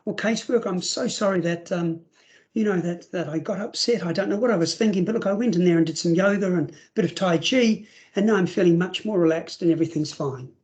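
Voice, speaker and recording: Man with acting out a child, mock-sincere, too serene, apologetic, sing-song, high voice. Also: fast, a little mellow, close to an everyday voice. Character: child, falsely serene and apologetic after time-out.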